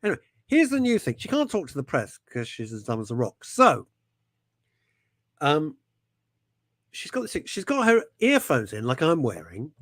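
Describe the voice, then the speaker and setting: With a fairly high voice and no echo, a man hosts a radio talk show full of casual, animated banter. He jokes, laughs easily, and often drifts off mid-sentence only to begin again.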